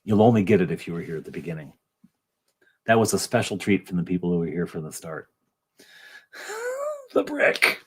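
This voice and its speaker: Casual rambling stream host, low husky voice, a man. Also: mellow. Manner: rambling, lots of ums and restarts. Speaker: convention organizer and livestream host. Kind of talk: casual livestream chat.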